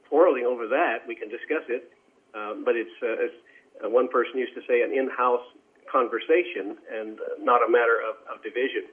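A man speaks as a guest over a tinny phone line in a radio interview. His pitch sits in the middle, and he talks in a measured, courteous way with frequent "uh" fillers.

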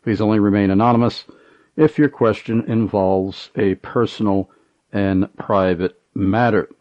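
This is a man hosting a call-in radio show. His voice sits a little low and he asks long, winding questions full of filled pauses. The sound is a bit dull, like a radio broadcast. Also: fairly even intonation, darkish tone, no room sound. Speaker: radio talk show host.

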